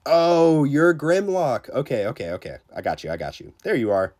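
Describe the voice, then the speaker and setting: Low-voiced chatty male game streamer. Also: quick pace. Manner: chatty, many fillers, greets chat viewers; self-deprecating and excitable. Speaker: livestreamer. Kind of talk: casual live gameplay commentary.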